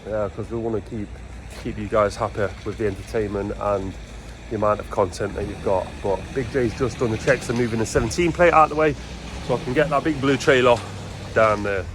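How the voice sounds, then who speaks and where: A man with a fairly low voice talks briskly, and the recording carries a little hiss or hum. He's a vlogger and builder chatting casually to camera outdoors on a building site, often calling his viewers "guys".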